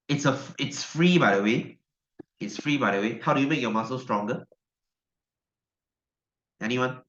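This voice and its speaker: A man's voice: medium pitch, sharp tone. A male science teacher, giving a chatty online class lecture and repeating his questions to the class. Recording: dull, roomy echo.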